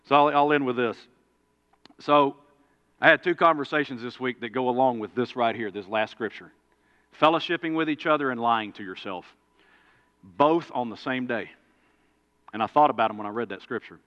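Male preacher-coach, sharp bright voice, casual storytelling sermon. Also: mid-range voice, normal speed, long pauses, dull audio. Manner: conversational, folksy, swings from loud to quiet.

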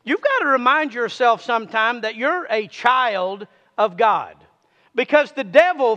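Male preacher, very high bright voice, slow deliberate delivery, call-and-response with congregation. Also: lively intonation, big-room sound. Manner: call-and-response, urging listeners to repeat. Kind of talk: sermon.

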